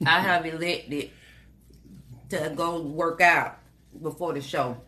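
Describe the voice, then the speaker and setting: A woman's voice: low-pitched, steady tone, slow pace, sharp tone. A woman co-hosting a casual talk show, teasing her partner and laughing often. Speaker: co-host. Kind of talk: casual chat.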